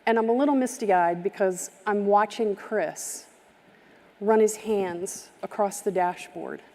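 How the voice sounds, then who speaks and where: Unhurried and mid-pitched, this woman's slightly dark voice carries a heartfelt keynote story at a summit, full of vivid detail and acted-out characters. It's a live stream from a hall with plenty of reverb.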